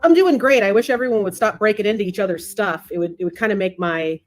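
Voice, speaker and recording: A woman's voice: medium pitch, fast, soft background music. A woman analyst in a panel discussion, chatty and lightly joking. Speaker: industry analyst.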